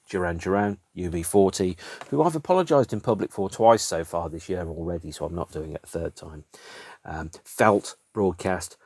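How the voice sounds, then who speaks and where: A man's voice: low-pitched, darkish tone, husky, no echo. A man in his fifties from Birmingham, England, hosting a podcast in a wry, self-mocking monologue full of asides. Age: 50s. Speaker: podcast host. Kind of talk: casual solo podcast monologue.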